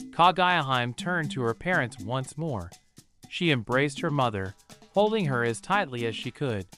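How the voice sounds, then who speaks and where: A man tells a bedtime story in a calm, gentle, unhurried voice. His pitch rises and falls in wide, expressive sweeps, while soft music plays faintly behind him. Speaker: narrator. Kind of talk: soothing bedtime story narration.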